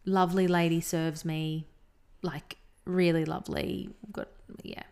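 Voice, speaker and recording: A woman co-hosting a podcast, chatting casually and telling an animated story with frequent laughs. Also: fairly low pitch, unhurried, creaky, clear, resonant tone. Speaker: podcast co-host. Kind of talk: casual chat.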